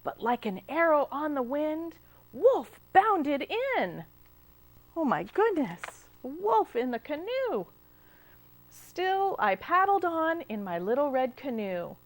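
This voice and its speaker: High, animated woman reading a storybook. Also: slow, no room sound. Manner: expressive, with gasps and questions to the children. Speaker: children's librarian. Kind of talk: reading a picture book aloud to children. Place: cable TV studio.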